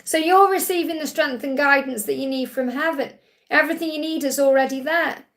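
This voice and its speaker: High-voiced reassuring woman. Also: fairly quick, fairly bright tone. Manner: soothing and reassuring, relays messages in quotes. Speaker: psychic reader hosting a live Q&A. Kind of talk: live-stream message reading. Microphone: tablet.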